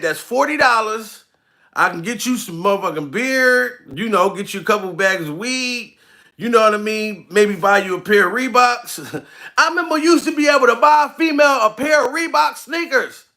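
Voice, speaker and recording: A man's voice: extremely high pitch, pushed and bright. A male comedian ranting on a livestream, profane and laughing often as he speaks to his target directly. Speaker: comedian streaming live. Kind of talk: comedic rant to camera.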